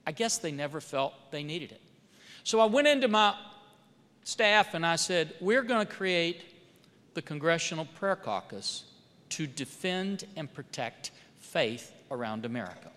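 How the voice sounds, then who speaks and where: A man, a congressman, telling stories in a speech at a church, swinging between loud and soft emphasis and acting out quoted dialogue. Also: a little high, expressive, measured pace. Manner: storytelling with rising and falling emphasis, quoting others in dialogue. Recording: long hall reverb.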